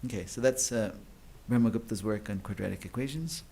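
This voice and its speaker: A man's voice: on the low side, brisk, creaky, dark tone, a little hiss or hum. A man giving an academic lecture at a conference. He explains at length, with many fillers and restarts. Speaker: conference speaker.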